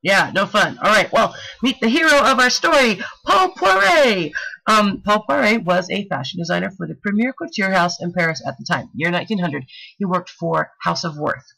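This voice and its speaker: A woman presenting a talk with slides, telling a story in a playful, animated way with slangy, jokey asides. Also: on the low side, brisk, vocal fry, low-quality recording.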